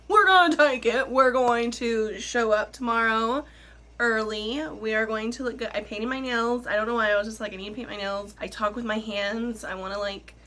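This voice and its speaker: A woman's voice: a little high, fairly bright tone. A young woman vlogging casually to camera at home, chatty and self-deprecating, nervous before a job interview. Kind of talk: casual vlog chat to camera.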